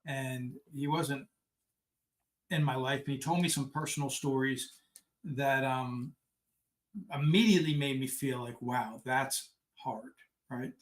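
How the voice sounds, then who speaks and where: A middle-aged man, a fire service leader, calmly telling a personal story in a podcast conversation. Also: mid-range voice, slow.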